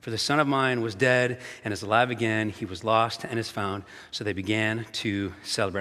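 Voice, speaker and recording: A male pastor giving a lively, playful sermon, talking straight to his congregation in a church and a little out of breath. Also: on the low side. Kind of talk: energetic sermon. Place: church sanctuary. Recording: long hall reverb with faint music.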